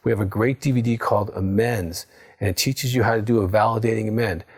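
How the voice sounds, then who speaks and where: An older man in his sixties speaks as a psychologist teaching viewers. His voice sits on the low side. He talks directly and plainly, stopping to check in with "okay?" as he coaches. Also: fairly even intonation, fast, a little mellow. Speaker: psychologist and recovery counselor. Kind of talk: instructional talk to viewers.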